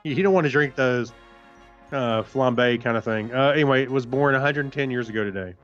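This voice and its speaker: A man with a middle-pitched voice co-hosts a podcast, reading history items with dry puns and tripping over some names as he goes. His sound is slightly dull and muffled, with faint music behind it. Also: brisk, fairly bright tone. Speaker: podcast co-host. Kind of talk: casual chat reading this-day-in-history.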